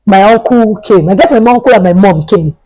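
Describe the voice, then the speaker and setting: A woman's voice: mid-range voice, fairly quick, dark tone, low-quality recording. A young adult woman, a vlogger telling a storytime tale in a chatty way and repeating herself for emphasis. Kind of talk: storytime vlog.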